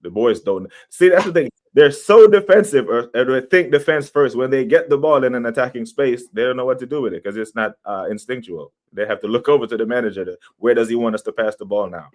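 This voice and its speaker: A young man hosting a casual football livestream, opinionated and animated, reacting to chat. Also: medium pitch, quick pace, few pauses. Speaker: football podcast host.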